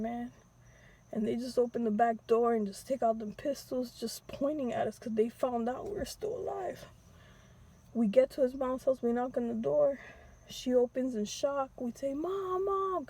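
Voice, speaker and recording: A young woman casually telling a personal story with slang, sometimes re-enacting pleas in a high, teary voice. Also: dark tone, slightly rough.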